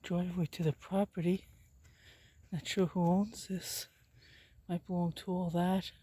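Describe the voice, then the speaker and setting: A man narrates his walk down a country road into the phone he's holding, short of breath from the exercise. His voice sits high and stays level, with little rise and fall. He mutters quick, offhand comments about what he passes. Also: little pitch movement, dark tone, breathy edge. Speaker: vlogger. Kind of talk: casual walking vlog narration. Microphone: phone held while walking.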